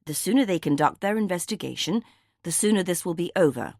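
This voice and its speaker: Woman reading calm reasonable man, audiobook, placating, lowish voice, dry. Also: brisk, no room sound.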